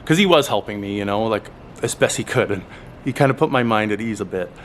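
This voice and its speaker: Rambling, animated man telling a travel story. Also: fairly low pitch, quick pace, a little hiss or hum. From Alberta, Canada. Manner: rambling, animated retelling with frequent fillers; swears in exasperation. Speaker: travel vlogger. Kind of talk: casual storytelling to camera.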